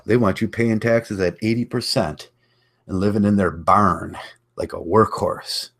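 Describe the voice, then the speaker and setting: Man, deep voice, slight rasp, blunt combative rant, repeats his points. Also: fairly even intonation, unhurried, a bit bright. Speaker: online channel host. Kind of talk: ranting monologue.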